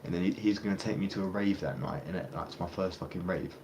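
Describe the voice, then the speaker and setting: A man's voice: sits low, quick pace. A young man rambling in a casual street interview, swearing a lot and restarting his sentences. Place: outdoors on a street. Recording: noisy street ambience.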